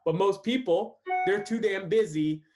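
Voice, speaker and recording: A man's voice: high-pitched, unhurried, over music. A man hosting a casual business podcast, an eager interviewer who prompts his guest with slangy requests.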